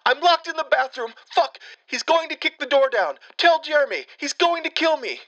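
A man voicing a terrified, sobbing young woman, pleading in a high, strained voice. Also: animated, moderate pace, pushed and bright, lo-fi sound, exaggerated voice. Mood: frantic.

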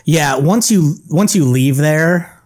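A man's voice: fairly high pitch, slow pace, darkish tone. A man co-hosting a podcast in casual chat, chiming in with short, dry quips. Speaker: podcast co-host.

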